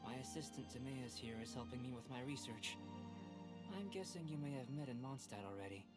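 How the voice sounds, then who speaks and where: An actor playing a composed young male alchemist in a video game, speaking in a measured, precise way, with game music behind. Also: medium pitch, natural voice. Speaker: game character.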